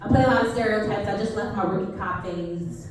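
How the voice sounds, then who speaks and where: On a comedy club stage, a young American woman does stand-up in a wry, conversational way, laughing at her own punchlines. Her voice is medium-pitched and fairly quick. The club sounds echoey, with the mic at a distance and a faint hum.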